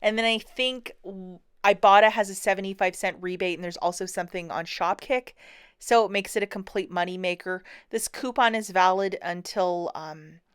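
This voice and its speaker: A woman talks to the camera in a chatty, upbeat way, stopping often for ums and uhs. Her voice is smooth and clear and sits at an ordinary middle pitch. The sound is dry, with almost no room echo. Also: fairly even intonation, normal speed. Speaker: couponing channel host. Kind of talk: casual direct-to-camera vlog.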